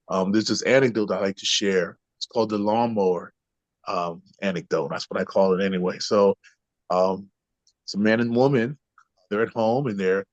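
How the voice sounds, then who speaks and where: The voice is on the low side and the lo-fi recording is dull and dry, with no room sound. He's a podcast guest and trainer who explains concepts conversationally and keeps throwing in "right?" to check with the listener.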